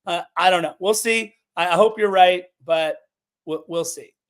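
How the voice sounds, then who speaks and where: A man co-hosting a casual sports podcast, animated and opinionated as he previews a match. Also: sits high, moderate pace, clear, resonant tone. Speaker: podcast co-host.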